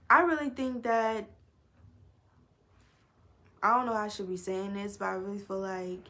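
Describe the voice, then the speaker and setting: A young adult woman telling a storytime on her vlog, animated and profane, swinging between loud outbursts and low mutters. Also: gravelly, a little hiss or hum. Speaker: vlogger. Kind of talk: casual storytime.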